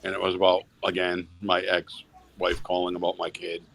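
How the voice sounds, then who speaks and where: A man's voice: low voice, completely flat delivery, normal speed, vocal fry, a bit bright. A man telling rambling, profane stories in a casual backstage chat.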